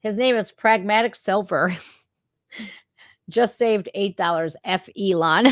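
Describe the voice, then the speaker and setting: A woman's voice: medium pitch, slow, pauses often, no room sound, studio quality. A woman hosting a reaction channel, giving blunt, profane, casual commentary straight to her viewers.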